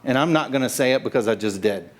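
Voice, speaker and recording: Middle-aged man, pastor type, relaxed sermon, halting with fillers, plays to the congregation. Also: mid-range voice, noisy background. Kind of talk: sermon with prayer. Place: church sanctuary.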